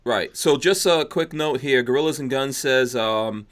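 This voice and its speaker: A man hosts a loose, casual podcast in a mid-pitched voice. He reads viewer comments aloud and chats with his co-hosts in an easygoing way. The sound is from a podcast studio. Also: unhurried, a bit bright. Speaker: podcast host.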